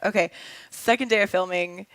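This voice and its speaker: A woman's voice: lowish voice, fairly even intonation, moderate pace, fairly bright tone, no room sound. A young adult woman, a film director and actress, telling a story in a casual interview. She talks in a chatty way, with lots of fillers and laughs.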